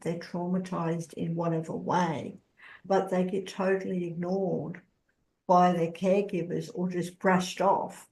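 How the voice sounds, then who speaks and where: A woman's voice: lowish voice, creaky, darkish tone. A woman host asking affirming, eager questions in an interview. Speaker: podcast host. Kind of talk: interview hosting. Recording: roomy echo.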